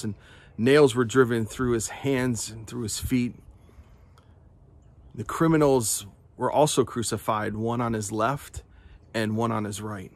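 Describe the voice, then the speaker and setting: Slow, earnest male pastor. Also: medium pitch. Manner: earnest and unhurried, with frequent word repeats. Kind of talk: devotional sermon talk.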